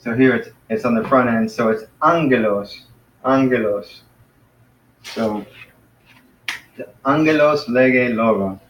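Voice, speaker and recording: Teacher explaining from across an echoey room. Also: male voice, mid-range voice, a little hiss or hum. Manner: explains patiently, slows to sound out Greek words. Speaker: Greek teacher. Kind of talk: informal classroom lesson. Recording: echoey room, mic far off.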